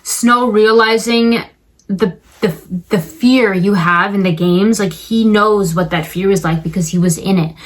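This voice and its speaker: A woman's voice: mid-range voice, a little slow, poor audio. A young woman talking casually about a film, chatty and full of fillers, now and then acting out the characters' lines. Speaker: film commentator. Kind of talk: casual film review vlog.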